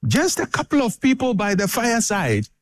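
Slow, lively high-voiced male preacher. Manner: dramatic, emphatic preaching with repetition. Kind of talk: sermon.

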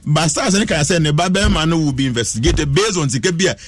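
A man's voice: on the high side, quick pace, no echo. A man with a Ghanaian accent telling stories on a radio talk show, mixing Twi and English animatedly. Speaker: astrologer guest.

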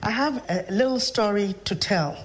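A woman's voice: mid-range voice, slight background noise, rough recording. A Ghanaian woman, a professor, telling stories and reflecting in an interview. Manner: storytelling, measured and reflective. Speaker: professor and guest. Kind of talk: interview conversation.

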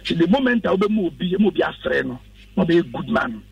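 A man's voice: a little high, very animated, fast, creaky, a little mellow, recorded from a distance, lo-fi sound, slight background noise. A man, a pastor speaking as a radio guest in an earnest, instructive preaching style. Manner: earnest, instructive, quotes scripture.

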